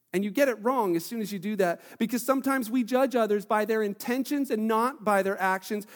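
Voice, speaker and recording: A man preaching a sermon as pastor, telling stories in a lively way and acting out the voices of the people in them. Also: sits high, in a large hall. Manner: animated storytelling, acting out quoted voices. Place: church hall.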